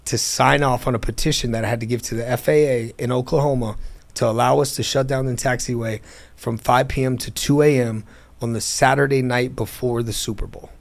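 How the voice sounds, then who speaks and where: A man's voice: mid-range voice, fairly quick, gravelly. A man telling his business story in a casual interview, acting out the voices of people in it, recorded in an airplane hangar. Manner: animated, acts out quoted dialogue.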